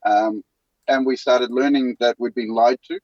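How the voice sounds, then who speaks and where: A man's voice: mid-range voice, fairly even intonation, a little mellow, no room sound, lo-fi sound. A man with a New Zealand accent, a guest talking earnestly from a van. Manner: earnest, halting with restarts. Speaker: guest, news show co-host. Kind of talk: casual interview talk.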